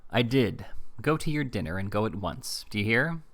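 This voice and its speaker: A man's voice: on the low side, expressive, moderate pace, fairly bright tone, dry recording. A man reading aloud as a scheming, commanding moneylender who talks curtly and with emphasis. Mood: stern. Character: scheming stern older male moneylender.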